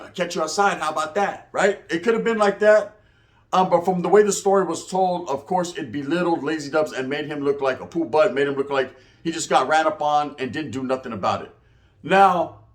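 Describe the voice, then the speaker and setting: A man, giving rambling, profane commentary in street slang with Spanish words mixed in. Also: fairly high pitch. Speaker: commentary vlogger.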